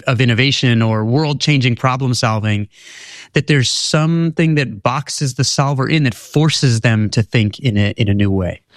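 An articulate male author being interviewed, telling stories and explaining ideas at an even middle pitch. His voice is recorded close and dry. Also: no echo. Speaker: author and guest. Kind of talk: conversational interview.

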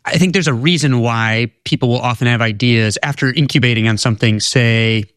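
An articulate male author being interviewed, telling stories and explaining ideas at an even middle pitch. His voice is recorded close and dry. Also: brisk, no echo. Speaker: author and guest. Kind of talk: conversational interview.

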